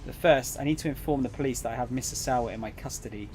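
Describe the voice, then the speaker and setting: A man reading the lines of a cool, snide male embassy agent in a visual novel, calm and condescending. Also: medium pitch, fast, a little hiss or hum, natural voice.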